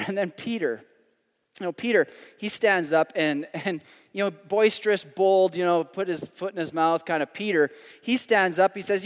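Preacher, male, high voice, dynamic emphatic delivery, big echoing sanctuary. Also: moderate pace. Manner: animated, emphatic preaching with sudden loud climaxes and quiet drops. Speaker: pastor. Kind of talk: sermon.

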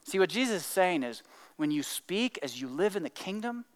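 A man preaching a sermon in an animated way, acting out excuses in little voices and dropping to quiet emphasis. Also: high voice, moderate pace, big-room sound. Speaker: pastor.

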